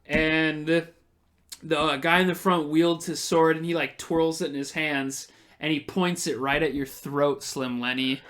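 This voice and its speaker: A man's voice: on the high side, steady tone, measured pace, a bit bright. A man running a tabletop game as game master, narrating casually with laughs and swearing.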